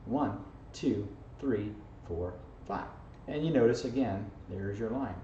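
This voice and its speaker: A lowish-voiced man teaching algebra in a playful, joking way, checking in with the class every few lines. He is caught from across a roomy, echoing space. The sound is dull and a little muffled, with a faint hiss behind it. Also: lively intonation, slow, warm tone. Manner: jokey, playful, full of "okay?" and "right?". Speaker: math teacher. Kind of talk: informal video math lesson. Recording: echoey, distant, dull camera audio with faint hiss.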